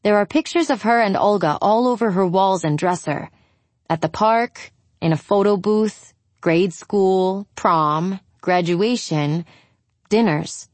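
A woman reading a novel aloud in the first person, telling the story at a measured pace. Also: medium pitch, no room sound. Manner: slow, measured storytelling with lively intonation. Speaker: audiobook narrator.

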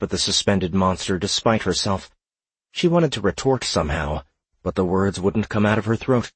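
A man narrating an audiobook in a steady, measured reading. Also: deep voice, slightly rough, no echo.

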